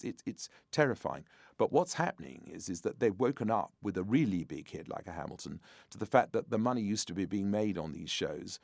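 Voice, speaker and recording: A man's voice: low voice, darkish tone, dry recording, clean studio sound. An older man, a composer being interviewed, talking frankly and reflectively about his shows. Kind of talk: conversational interview.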